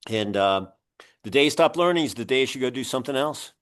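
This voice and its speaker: A man hosting an interview, chatting casually and telling animated stories. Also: medium pitch, fast. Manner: animated storyteller, acts out other people's voices. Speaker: podcast host and publisher.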